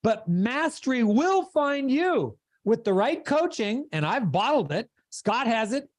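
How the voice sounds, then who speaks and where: A man's voice: extremely high pitch, big pitch swings, measured pace, dry recording, studio quality. A man giving a motivational coaching talk on a video call, with an emphatic, preacher-like cadence. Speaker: sales coach.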